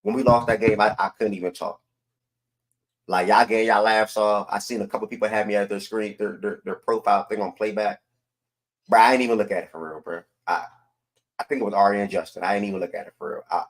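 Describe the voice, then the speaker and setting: A man's voice: lowish voice, fairly quick, rough recording. Fired-up man ranting about a lost game. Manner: frustrated, emphatic, repeats himself, swings loud and soft. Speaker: sports show host. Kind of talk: heated live-stream sports talk.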